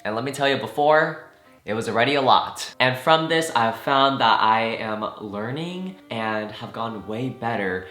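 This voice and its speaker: A man's voice: mid-range voice, animated, moderate pace, a bit bright. A young man from California chatting casually to camera, self-mocking, his voice still healing from a cough. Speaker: vlogger. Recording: echoey room with music under.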